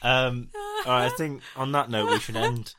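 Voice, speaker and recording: A man's voice: mid-range voice, steady tone, moderate pace, heavy background noise. A man co-hosting a podcast, in a joking, rambling, self-mocking casual chat. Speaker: podcast co-host.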